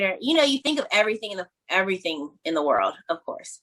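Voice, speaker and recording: A woman with a bright, forceful voice tells a story on a podcast in casual chat. She is animated, frank and bawdy. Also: medium pitch, fairly quick. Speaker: podcast guest.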